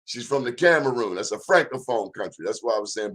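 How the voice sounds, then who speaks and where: Male talk host, middle-pitched voice, folksy and preachy, hits his points hard. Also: a little fast, few pauses, fairly bright tone. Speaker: show host. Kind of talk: talk show monologue.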